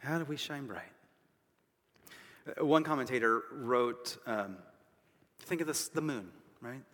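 A man's voice: mid-range voice, animated, a little slow, fairly bright tone. A man preaching a sermon as pastor, emphatic and repeating phrases for stress, with casual asides to the congregation. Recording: long reverb of a large hall.

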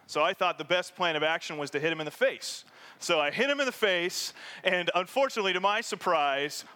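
A man preaching a sermon as pastor, animated, dropping from loud emphasis to hushed near-whispers and acting out prayers in quoted voices. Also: on the high side.

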